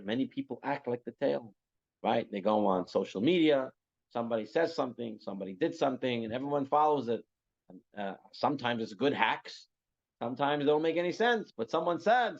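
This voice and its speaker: A man teaching a religious class, telling stories in a conversational way that often checks in with "right?". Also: mid-range voice. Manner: conversational, repeats phrases, asks "right?". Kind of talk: Torah class with storytelling. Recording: muffled lo-fi recording.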